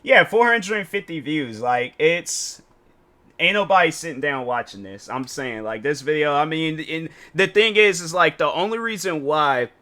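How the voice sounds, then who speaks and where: A man's voice: a little high, expressive, normal speed, pushed and bright. A man giving casual reaction commentary as a YouTuber, exasperated and rambling, with slang and many restarts.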